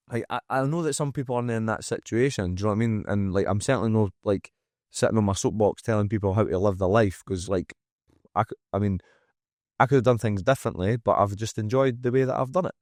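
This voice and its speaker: Fast and fairly low-pitched, a slightly mellow Scottish voice belongs to a gym owner on a candid podcast. He's frank and emphatic, swears freely, and acts out other people's words. The close-miked studio sound is dry, without room sound.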